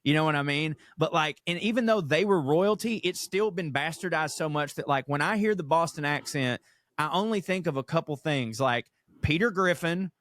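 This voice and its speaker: A man's voice: a little high, normal speed, fairly bright tone, dry recording. A man from the American South co-hosting a podcast in loose, profane, chatty conversation. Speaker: podcast co-host. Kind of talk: casual chat.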